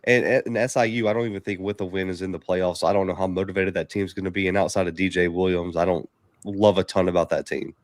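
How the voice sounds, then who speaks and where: A man's voice: low voice, fast talker, no echo. Man ranting on a podcast, dry sound. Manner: animated, ranting. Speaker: podcast guest. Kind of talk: casual sports banter.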